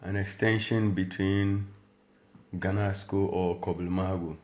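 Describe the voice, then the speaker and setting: Ghanaian man, rapper doing a diss to camera at home, unhurried and mocking, roomy sound. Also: deep voice, flat delivery, a little mellow. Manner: boastful, taunting, mixing English with Dagbani. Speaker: rapper and radio presenter.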